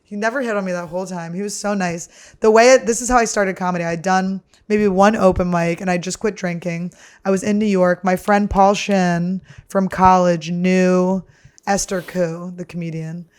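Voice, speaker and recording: Chatty, animated woman comedian telling stories. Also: fairly low pitch, clear, resonant tone. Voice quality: chatty, swears freely, talks fast and a lot. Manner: animated, laughs through her stories. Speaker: comedian and podcast host. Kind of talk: casual storytelling.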